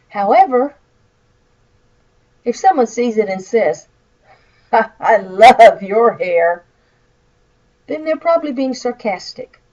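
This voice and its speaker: A woman's voice: fairly high pitch, fairly bright tone, muffled recording. A woman with a Southern American accent, a college instructor giving a recorded lecture over slides and explaining with acted example phrases. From Midwestern United States.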